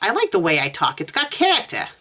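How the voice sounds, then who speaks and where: A woman voicing a brash young American woman, a high, blunt voice with a put-on Boston twang. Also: wildly swooping pitch, fast talker, pushed and bright, full character voice. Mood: reluctant. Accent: Boston attempt.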